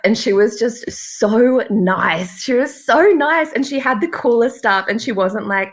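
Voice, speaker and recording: A woman's voice: mid-range voice, measured pace. A young Australian woman, a podcast guest, chatting casually and laughing often as she acts out quoted conversations. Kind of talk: casual chat.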